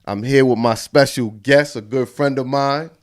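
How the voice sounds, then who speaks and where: A man's voice: medium pitch, moderate pace. Laid-back male podcast host. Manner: hyped show opener, then relaxed prompting questions. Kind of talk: casual podcast interview. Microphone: studio dynamic mic.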